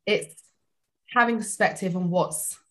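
A woman talking openly as a podcast guest, animated, with lots of "like" and "you know," her voice climbing higher when she is moved. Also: measured pace. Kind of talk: casual heartfelt chat.

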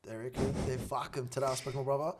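A man's voice: medium pitch, fairly even intonation, very fast, noisy background. A young man hosting a podcast, blunt and crude, laughing often and swearing freely. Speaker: podcast host. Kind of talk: casual podcast chat, heavy swearing.

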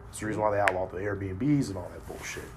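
A man talking in a casual chat, blunt and profane, telling animated stories as a podcast host. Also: deep voice, quick pace, noisy background.

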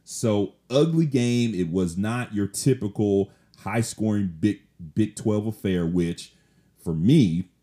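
A man's voice: lowish voice, slow, dark tone. A man hosting a solo sports podcast, talking in a casual, rambling way with lots of fillers.

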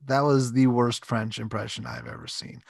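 A man co-hosting a casual sports podcast, talking in a relaxed, rambling way. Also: mid-range voice, moderate pace, gravelly, dry recording. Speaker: podcast co-host.

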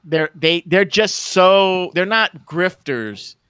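A man with a high, bright, edgy voice rants to his stream chat, tripping over and repeating words as he mocks people. The sound is close and dry, with no room around it. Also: lively intonation, takes it slowly, clean tone, no room sound. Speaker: livestream co-host. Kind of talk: casual ranting stream chat.

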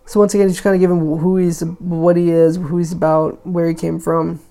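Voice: mid-range voice, flat delivery, normal speed, gravelly, dark tone. A podcast host who reads archaic verse aloud, then explains it in loose, casual paraphrase full of likes and you-knows. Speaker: podcast host reading and interpreting a poem. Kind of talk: casual explanatory reading with commentary.

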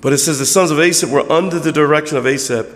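A man preaching a conversational sermon as pastor, acting out church members in quick voices. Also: a little high, fairly bright tone, in a large hall.

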